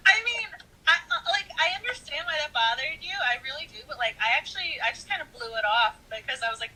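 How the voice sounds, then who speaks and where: A woman in casual book chat, chatty with exasperated asides and a husky voice. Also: high voice, lively intonation, fast, sharp tone, low-quality recording. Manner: chatty, exasperated asides, many likes and restarts. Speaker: book discussion co-host.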